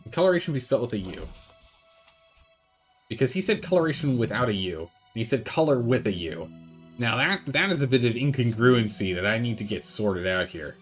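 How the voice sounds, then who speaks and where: Chatty streamer man with a lively voice. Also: medium pitch, soft background music. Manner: chatty, rambling, quick asides. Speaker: game streamer. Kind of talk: gaming commentary.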